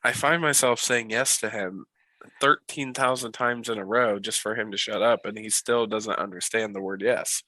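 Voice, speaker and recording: Sick guy on a podcast, lowish voice, bright, dry close mic, lots of swearing. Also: moderate pace, no echo, rough recording. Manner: profane, animated storyteller. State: sick with a cold. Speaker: podcast co-host. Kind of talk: casual chat.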